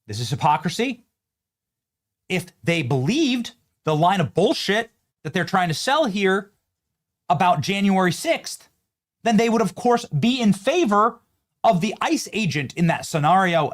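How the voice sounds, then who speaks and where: A man's voice: high voice, big pitch swings, moderate pace. A male host giving impassioned, emphatic commentary over video clips, moralizing as he goes.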